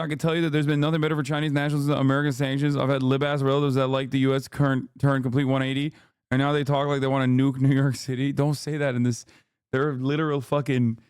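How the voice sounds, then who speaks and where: High-voiced man, heated political rant. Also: smooth, no echo, studio quality. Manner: heated, sarcastic, swears a lot. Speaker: streamer reacting to a video. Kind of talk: profane political commentary.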